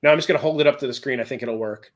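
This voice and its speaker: A man's voice: medium pitch, racing. A man co-hosting a casual live show over a video call, groaning and gasping through a hot-sauce challenge. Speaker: co-host. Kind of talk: casual chat.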